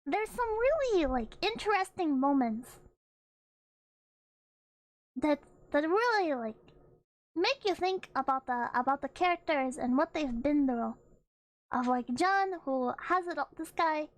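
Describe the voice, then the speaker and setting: A woman's voice: sits high, lively intonation, a little slow, long pauses, no room sound. A woman streamer chatting casually, rambling with frequent laughs and swearing. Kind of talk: casual chat.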